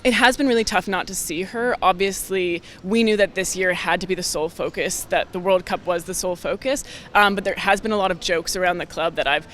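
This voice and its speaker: A woman's voice: fairly low pitch, fairly quick, hardly any pauses, fairly bright tone, a little hiss or hum. A young woman, a rugby player chatting casually in an interview, upbeat and full of "like" fillers. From Canada.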